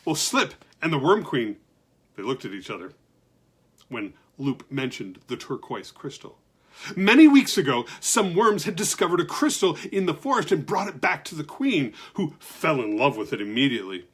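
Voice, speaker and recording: A man reading a children's story aloud with lively, expressive narration. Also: on the high side, moderate pace, breathy edge.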